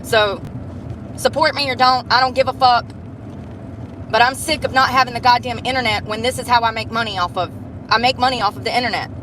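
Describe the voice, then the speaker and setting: Woman vlogger on an angry, profane rant, higher voice, outdoor phone recording with steady background noise. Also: rough recording. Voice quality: heavy swearing, frustrated. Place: in and around a car outdoors.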